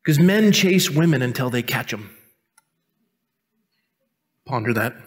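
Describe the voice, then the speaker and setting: A man preaching a sermon as pastor, mixing jokes at his own expense with earnest teaching, and dropping to a quiet, intense tone for stern points. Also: medium pitch, animated, unhurried. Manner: joking, self-mocking asides between earnest teaching. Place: church sanctuary. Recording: long reverb of a church hall.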